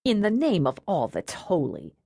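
A woman's voice: lowish voice, huge pitch swings, normal speed, gravelly, warm tone, breathy edge, no room sound, clean studio sound, full character voice. A woman voicing a tough, blunt woman police detective in an audiobook, wry and rattled.

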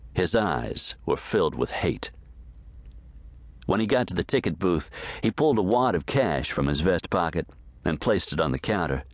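A man reading a western novel aloud as audiobook narrator, steady and measured, close to the mic. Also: sits low, dry recording.

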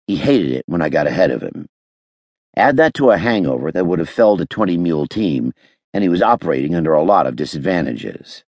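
Deep gravelly male audiobook narrator. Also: big pitch swings, moderate pace, no room sound. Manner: wry, dry-humored storytelling. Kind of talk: scripted first-person audiobook narration. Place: recording studio.

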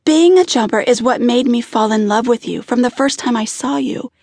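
A woman's voice: a little high, moderate pace, a little mellow, no echo. A woman narrator voicing Maggie, a young woman who is tearful and pleading with her lover. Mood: earnest. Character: grown woman Maggie, frantic then tender.

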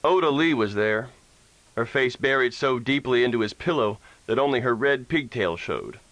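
A man narrating a western audiobook in an expressive storytelling manner, recorded on a close studio mic. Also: mid-range voice, moderate pace, no room sound, dull audio. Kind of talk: scripted narration.

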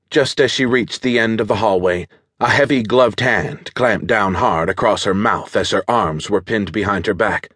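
Male audiobook narrator, steady and measured, lowish voice, dead-dry booth sound. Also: husky, dry recording. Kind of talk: scripted thriller narration.

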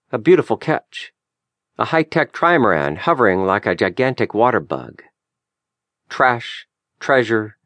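Male audiobook narrator, somewhat low, unhurried and lyrical, dry booth. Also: fairly bright tone, no room sound. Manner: measured, lyrical, deliberate delivery. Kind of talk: scripted memoir narration. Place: recording studio. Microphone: close studio mic.

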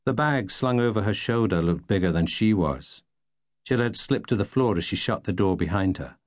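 Wry man narrating, low voice. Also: normal speed, no room sound, clean studio sound. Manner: wry, deadpan storytelling. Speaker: audiobook narrator. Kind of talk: first-person novel narration.

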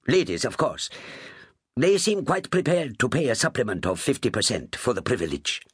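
A man reading an audiobook novel in a measured, expressive narrating style. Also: medium pitch, husky, dry recording, clean studio sound. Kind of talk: scripted narration.

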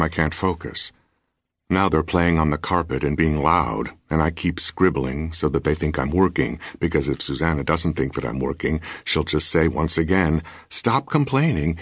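Brief: male narrator, very deep and husky, wry measured first-person read, dry booth. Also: no room sound. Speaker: audiobook narrator. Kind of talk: scripted narration. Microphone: close studio mic.

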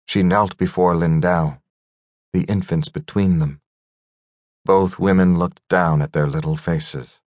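Deep-voiced man narrating a fantasy audiobook. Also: fairly even intonation, unhurried, darkish tone, dry recording, clean studio sound. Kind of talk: scripted narration.

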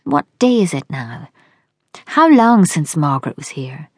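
A woman voicing a frail, croaking old man. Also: sits low, big pitch swings, unhurried, a little mellow, no echo, clean studio sound, heavily acted. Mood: weak, tender.

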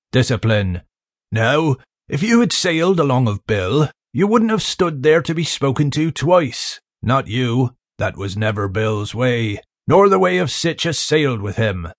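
A man voicing a menacing, wheedling pirate with a fawning, sneering manner in an audiobook, speaking low and hushed. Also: lively intonation, unhurried, dry recording. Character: menacing wheedling male pirate, missing fingers. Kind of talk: audiobook character voice. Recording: dry close studio sound.

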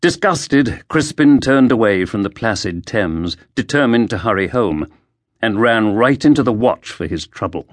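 A man narrating a historical mystery audiobook in a lively, expressive way, recorded close to a studio mic. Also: lowish voice, unhurried, dry recording. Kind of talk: scripted narration.

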